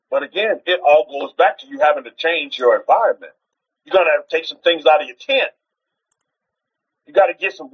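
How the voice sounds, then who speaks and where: High, husky-voiced man preaching on a stream. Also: lo-fi sound. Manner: repeats rhetorical questions; exhorting, with frequent restarts. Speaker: preacher on a livestream. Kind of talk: informal teaching sermon.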